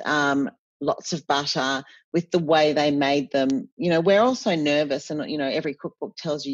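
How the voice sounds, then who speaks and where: A woman, an interview guest chatting in an animated storytelling way with frequent self-corrections. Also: sits low, breathy edge, no echo. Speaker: cookbook author guest. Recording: dull, dry podcast audio.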